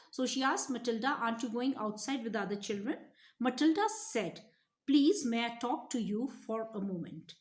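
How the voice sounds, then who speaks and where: Indian lady teacher going over a story line by line, bit high voice, echoey room. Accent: Indian English. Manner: explains in simple words, repeats each line. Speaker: school teacher. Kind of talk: reading and explaining a story.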